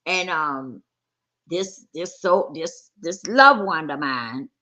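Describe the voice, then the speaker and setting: A woman's voice: sits low, expressive, slow, sharp tone, muffled recording. A woman sharing her personal testimony in candid, conversational storytelling, acting out the voices of people she quotes. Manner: conversational, acts out quoted dialogue.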